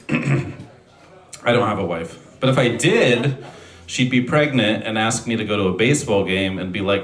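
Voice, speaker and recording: Deadpan male comic, echoey room. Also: mid-range voice, measured pace, pauses often. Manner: deadpan, self-deprecating one-liners with throat clearing. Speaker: stand-up comedian. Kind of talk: deadpan stand-up set. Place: comedy venue stage. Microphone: handheld stage mic on a speaker.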